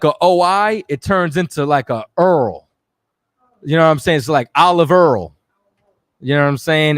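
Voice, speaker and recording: A man hosting a radio stream, chatting loosely and giving shout-outs to viewers. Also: a little high, no echo, clean studio sound. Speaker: radio show host. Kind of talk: casual live-stream talk.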